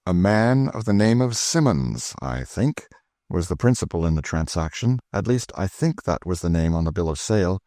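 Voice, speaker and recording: A man reading a frank young gentleman who answers plainly and earnestly, only a touch higher than his narrating voice. The read is dry and close. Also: expressive, normal speed, no echo.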